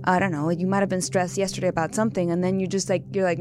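A woman guest coaching on intimacy, telling her story in an earnest, expressive way. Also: fairly low pitch, quick pace, few pauses. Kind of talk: casual interview chat.

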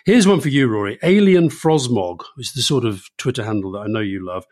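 Brisk, direct middle-aged man. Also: mid-range voice, lively intonation, a little mellow. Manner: brisk and direct, with dry teasing. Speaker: podcast co-host. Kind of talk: political podcast chat.

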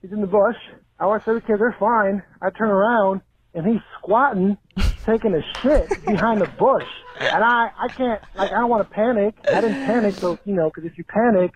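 A man in his thirties, a father, leaves a rambling, relaxed voicemail telling a story. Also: high-pitched, brisk, slightly rough. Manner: relaxed, rambling, with many fillers. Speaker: caller. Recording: tinny phone voicemail.

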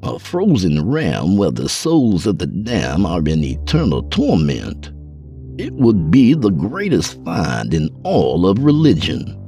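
A man voicing an excitable male occult scholar, stammering and declaiming theatrically. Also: low-pitched, takes it slowly, faint music behind, voice pushed up, full character voice. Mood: musing.

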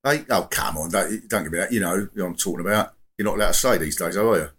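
A man's voice: low voice, fast talker, fairly bright tone, breathy edge. A man playing a muddled, bigoted middle-aged radio caller in improvised comic role-play, with an indignant, rambling and evasive manner. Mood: grumbling.

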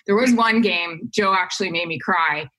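A woman with a fairly low voice and a forceful, bright edge tells sideline stories in relaxed podcast chat. She acts out what others said to her with animated delivery. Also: normal speed, poor audio. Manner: animated storyteller acting out quotes. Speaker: guest sportscaster.

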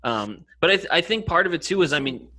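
Casting: male podcast host, bright forceful voice, joking, swears. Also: on the high side, very animated, fast. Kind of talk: casual podcast chat. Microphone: video call.

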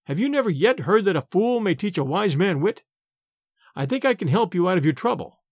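A man's voice: high-pitched, very animated, brisk, a little mellow, no room sound, clean studio sound. A man voicing a plainspoken, cheerful shepherd who speaks with confidence. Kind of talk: storybook character voice.

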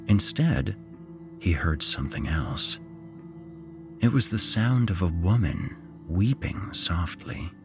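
A man narrating a horror story in a slow, suspenseful way. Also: low-pitched, gravelly.

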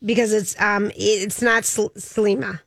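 A woman with a Minnesota accent co-hosting a casual radio show, chatty and quick to laugh. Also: a little high, no room sound. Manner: chatty, laughs easily, excitable. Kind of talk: casual morning radio chat.

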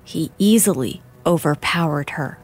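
A woman with a low voice narrates a true-crime documentary at a very slow, unhurried pace. Her delivery stays measured and grave. Faint music sits under her narration. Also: animated, darkish tone, breathy edge.

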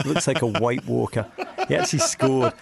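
A man with an English accent, a podcast guest, talking in a casual chat as an animated storyteller who often restarts his sentences. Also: medium pitch, moderate pace, vocal fry, slight background noise.

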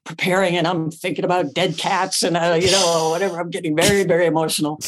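Animated older woman telling a story. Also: on the low side, quick pace, noisy background. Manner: animated, acts out her own quotes, laughs often. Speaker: actress guest. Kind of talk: casual anecdote telling.

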